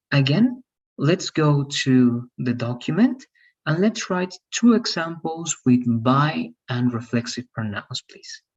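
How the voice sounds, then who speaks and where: Husky slow-spoken male teacher. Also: medium pitch, muffled recording. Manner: patient, repeats examples, checks with "all right?". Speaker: English teacher. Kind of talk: online English grammar lesson.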